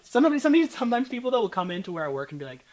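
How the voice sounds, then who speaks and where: Young man, American accent, quick talker, casual interview guest, animated storyteller. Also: extremely high pitch. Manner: animated storytelling, acts out quoted people. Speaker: content creator guest.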